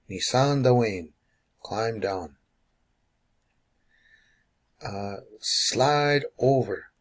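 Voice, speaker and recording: A husky-voiced man leads a call-and-response language lesson. He drills each short phrase slowly and deliberately and repeats it over and over for learners to echo. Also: lowish voice. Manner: slow, drilling repetition of phrases. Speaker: language teacher.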